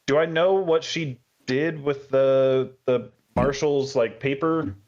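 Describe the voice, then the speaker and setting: A man's voice: mid-range voice, slow, a little mellow, dull audio. A man playing a tabletop game, talking casually with hesitant restarts. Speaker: player.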